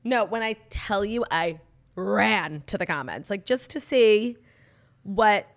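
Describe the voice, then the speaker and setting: A young woman co-hosting a podcast, telling gossip in a fast, animated way with many fillers. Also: mid-range voice, creaky. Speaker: podcast co-host. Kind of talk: casual gossip chat.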